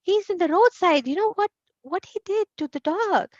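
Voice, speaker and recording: Scolding mother figure voiced by a woman, storybook reading, high-pitched, dry dull audio. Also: animated, moderate pace, darkish tone, dry recording. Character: scolding mother, fussy about dirt.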